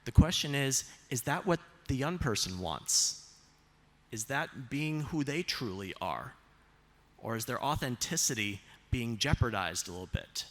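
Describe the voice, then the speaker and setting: Brief: man of mid pitch, presenter with slides, measured and deliberate, stretches key phrases, asks the room rhetorical questions. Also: lively intonation. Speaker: self-advocate presenter on autism.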